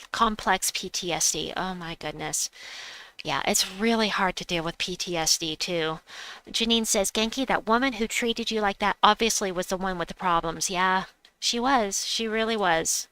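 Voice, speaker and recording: A woman's voice: medium pitch, normal speed, pushed and bright, clean tone, poor audio. A woman streaming a game, telling a personal story in casual chat and reading viewer messages aloud.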